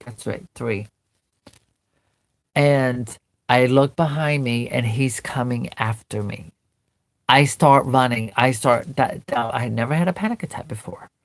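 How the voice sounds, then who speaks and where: A doll-collecting vlogger speaks earnestly to camera, recounting a painful memory in vivid present tense. Her bass voice keeps a measured pace in a dry recording.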